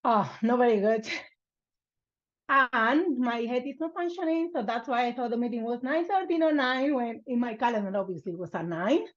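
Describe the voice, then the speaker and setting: A woman joining an online group session who has not slept in days, talking slowly and tiredly. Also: a little high, expressive, highs cut off. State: exhausted. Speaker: session participant.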